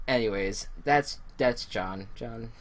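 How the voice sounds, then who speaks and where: A young woman co-hosting a casual recap podcast, loud and animated, laughing and swearing often. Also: extremely low pitch, takes it slowly. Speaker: podcast co-host.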